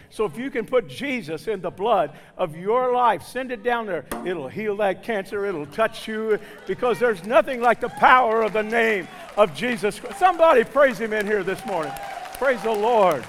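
Guest preacher, man, high voice, loud and folksy, church hall reverb. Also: a little hiss or hum. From southern Indiana. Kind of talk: sermon. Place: church sanctuary.

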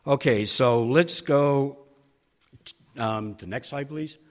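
A man's voice: medium pitch, takes it slowly, big-room sound. A man teaching a church Bible study class from slides, talking in a conversational, emphatic way with frequent fillers and restarts.

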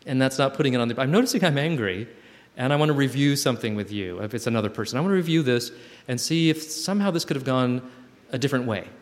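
A man's voice: mid-range voice, animated, fast talker. A man talking reflectively to a group, thoughtful and searching for words as he goes. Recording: long hall reverb.

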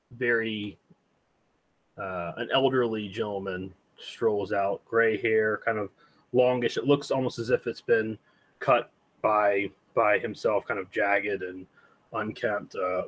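A man running a tabletop game as game master, narrating in a halting way with many pauses. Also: on the low side, fairly even intonation, a bit bright, low-quality recording. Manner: halting, full of fillers and restarts.

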